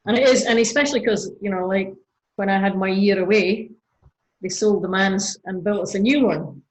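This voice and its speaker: A woman's voice: medium pitch, moderate pace, low-quality recording. Chatty Scottish woman minister. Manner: chatty, frequent fillers and laughs. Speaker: church minister, guest. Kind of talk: casual podcast conversation.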